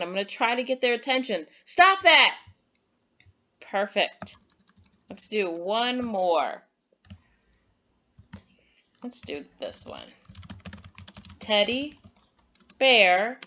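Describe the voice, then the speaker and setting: A woman's voice: on the high side, a bit bright, muffled recording, slight background noise. A woman teacher giving an online lesson to young children, patient and encouraging, who reads example sentences aloud with exaggerated emphasis.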